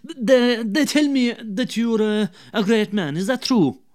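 A man's voice: measured pace, darkish tone. Man doing Larry, a stammering Irish trickster. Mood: nervous wheedling. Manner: high-pitched, stammering, wheedling. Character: timid, crafty Irish drinker, grown man.

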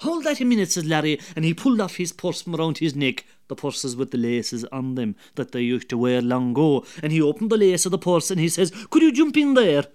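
A man with an Irish accent telling a folk tale, lively and dramatic, dropping to hushed asides. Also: on the high side, a little fast, hardly any pauses. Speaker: storyteller.

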